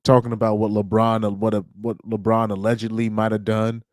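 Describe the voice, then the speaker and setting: Male stream host, low-ish, dry close sound; loose, rambling chat with restarts and chuckles. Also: level tone, brisk, a little mellow, dry recording. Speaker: livestream host. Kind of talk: casual livestream chat.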